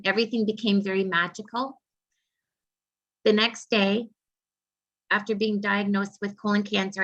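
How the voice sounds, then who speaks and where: A woman's voice: mid-range voice, a bit bright. Earnest woman telling her story, muffled. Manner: earnest, heartfelt retelling with many fillers. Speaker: psychic medium guest. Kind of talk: personal story told in an interview. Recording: slightly muffled lo-fi recording.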